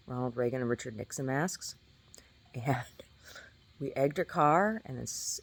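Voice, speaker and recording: A middle-aged woman vlogger talks casually to her camera in a bass, gravelly voice. She rambles through stories, laughing and poking fun at herself, often repeating words and starting over.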